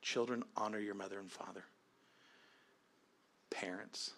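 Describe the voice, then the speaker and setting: A pastor delivering an earnest sermon on family and forgiveness, then leading a prayer in softer tones. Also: male voice, mid-range voice, measured pace, long pauses. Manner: earnest preaching, dropping to soft prayerful tones.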